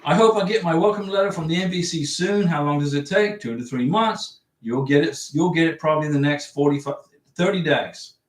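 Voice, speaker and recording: A man's voice: fairly high pitch, a little fast, distant mic. A man hosting a casual livestream, reading viewer questions aloud and answering bluntly in a chatty way. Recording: echoey room, voice off-mic.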